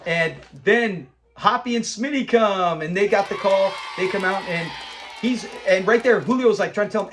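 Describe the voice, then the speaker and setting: A man hosting a casual episode review, animated and acting out lines from scenes. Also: high voice, moderate pace, a faint crowd, slight background noise. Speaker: show host reviewing episodes.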